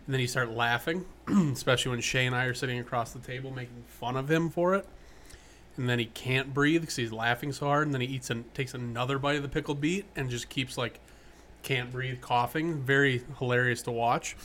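A man's voice: medium pitch, fairly even intonation, fairly quick, fairly bright tone. Brief: male co-host, casual and joking, light background noise. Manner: joking, chatty. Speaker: podcast co-host. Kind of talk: casual chat while tasting food.

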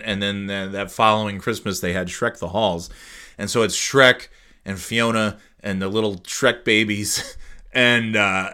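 A man hosting a podcast in casual chat, rambling through a profane, animated retelling. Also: fairly low pitch. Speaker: podcast host.

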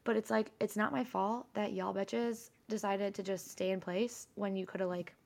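A woman's voice: mid-range voice, steady tone, normal speed, creaky, a little mellow. A young woman co-hosting a podcast, chatting casually and telling a story with lots of swearing. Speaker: podcast co-host. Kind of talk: casual chat.

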